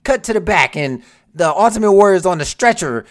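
A speaker giving a casual countdown of wrestling moments, excitable, laughing and acting out scenes in quoted voices. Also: medium pitch, brisk. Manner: laughs while telling. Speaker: wrestling commentator.

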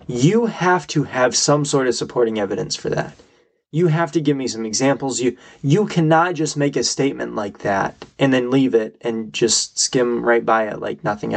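A man's voice: medium pitch, gravelly. A young man hosting his own podcast, giving emphatic, argumentative solo commentary and getting worked up. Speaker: podcast host.

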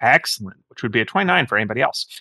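Man, game master, rambling lore explanation, bright voice, dry close mic. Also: mid-range voice, expressive, racing, dry recording. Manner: rambling, filler-heavy explaining. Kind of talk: narrating a tabletop game.

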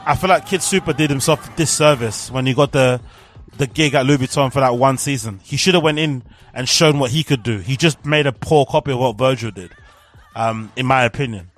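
A man's voice: mid-range voice, fairly quick. Young guy, loose slangy commentary, swears a lot, faint music underneath. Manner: candid, slangy, swears freely. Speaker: podcast host. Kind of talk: casual live reaction commentary.

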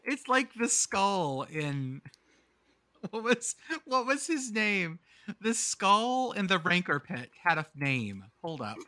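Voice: mid-range voice, very animated, slow pace, sharp tone, dry recording, clean studio sound. A podcast host in casual banter, rambling and joking, swearing freely.

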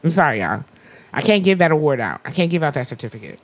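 A woman in her thirties co-hosting a podcast, chatting casually in an animated, emphatic way and swearing freely. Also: low-pitched, quick pace. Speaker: podcast co-host. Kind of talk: casual chat.

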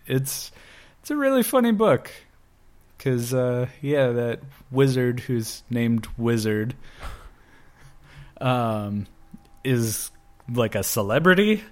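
A man in casual chat, talking slowly and rambling with lots of fillers. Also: mid-range voice, sing-song. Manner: slow, rambling, many fillers. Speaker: guest. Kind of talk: casual chat about comic books.

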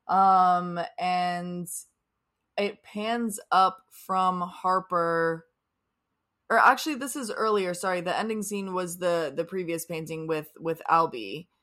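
A woman's voice: lowish voice, slow pace, fairly bright tone. A young woman co-hosting a casual TV recap podcast, rambling, swearing freely, and trailing off into restarts. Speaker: podcast co-host. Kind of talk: casual chat.

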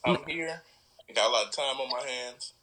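A man's voice: medium pitch, a little fast, noisy background. A man as a guest on a casual podcast, laid-back and joking, dodging personal questions.

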